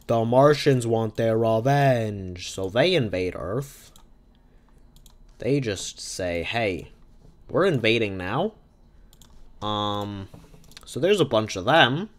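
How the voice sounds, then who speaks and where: A man's voice: lowish voice, expressive, slow. A man hosting a podcast, improvising a silly, rambling comic story and often correcting himself. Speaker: podcast host.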